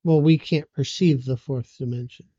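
A woman's voice: extremely low pitch, fairly even intonation, moderate pace, warm tone, no echo, lo-fi sound. A woman co-hosting a casual movie podcast, dryly recapping the plot. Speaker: podcast co-host.

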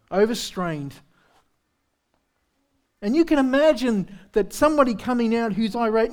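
High-voiced man preaching casually. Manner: conversational preaching with frequent rhetorical "right?"; candid, self-deprecating humor. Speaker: pastor. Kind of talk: sermon. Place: church service.

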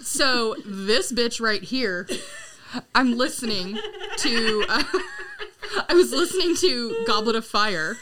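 A woman's voice: a little high, very animated, slow pace, background noise. A young adult woman co-hosting a podcast, telling stories in casual chat, laughing often and swearing freely. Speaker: podcast co-host.

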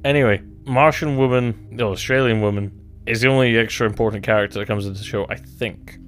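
A man's voice: mid-range voice, fast talker. A man co-hosting a casual podcast chat about a TV series, rambling and self-deprecating, often restarting his sentences. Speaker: podcast co-host.

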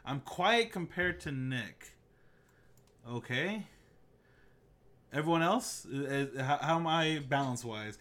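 A man's voice: medium pitch, a little slow, fairly bright tone. A man hosting a casual podcast, joking through a mock ad read and rambling chat. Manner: jokey, rambling, mock ad reads. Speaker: podcast host. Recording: remote call, own mic.

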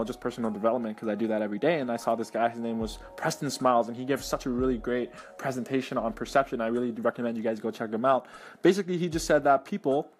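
A man telling motivational stories in an energetic, casual way, often checking in with the listener. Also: mid-range voice. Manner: energetic, keeps checking in with "right?" and "you know what I mean?". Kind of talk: motivational storytelling.

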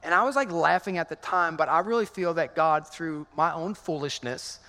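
A male pastor giving a lively, conversational sermon, calling out to the congregation in a large church sanctuary. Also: a little high, normal speed. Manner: energetic, conversational, calls out to the congregation. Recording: long hall reverb in a church.

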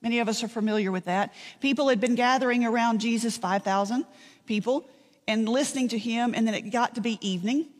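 A woman's voice: a little high, in a large hall. A woman pastor, preaching a sermon in a conversational storytelling way, with dry asides.

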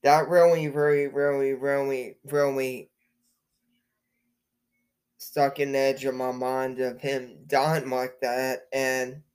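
A man's voice: medium pitch, flat delivery, slow pace, a little mellow, clear, resonant tone. A man hosting his own podcast, rambling along with many fillers and repeated words. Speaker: podcast host. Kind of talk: casual monologue podcast.

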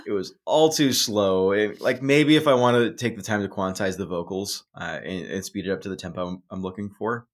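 Male co-host, lowish voice, rambling casual storyteller. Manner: rambling storyteller, quick bursts, many fillers. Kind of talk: casual chat.

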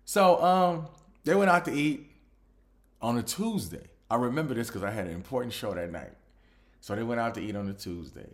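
Speaking at a moderate pace with a medium-pitched voice, a male podcast host relates a personal anecdote in a relaxed way. The retelling is lively, and he frequently starts his sentences over.

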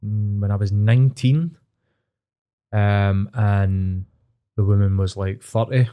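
A man's voice: lowish voice, steady tone, slow, clear, resonant tone, dull audio. A man with a Glaswegian Scottish accent, co-hosting a podcast in casual chat, supportive and matey, leaning on fillers like "do you know what I mean". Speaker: podcast co-host.

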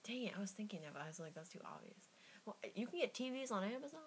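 A woman's voice: medium pitch, sing-song, very fast, a little hiss or hum. A young woman co-hosting a podcast, playfully guessing and reading reviews aloud in casual chat. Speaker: podcast co-host.

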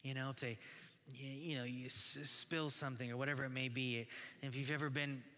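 A man in his thirties preaching earnestly to fathers, his voice bright and forward. He stops and restarts often as he exhorts. A long reverb trails behind every phrase, as in a large hall. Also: medium pitch, little pitch movement, a little fast. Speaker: pastor. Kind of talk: sermon.

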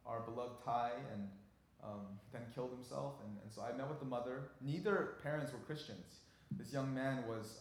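A man, a pastor, telling a personal story in a sermon in an earnest, conversational and emotionally charged way. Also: medium pitch. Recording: very echoey large room.

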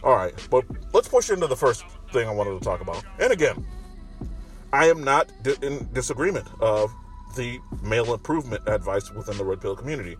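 A man's voice: medium pitch, very animated, a little fast, soft background music. A man talking in a casual, profane, rambling monologue from his car, parked in a parking garage. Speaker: commentary vlogger. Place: parking garage with construction nearby.

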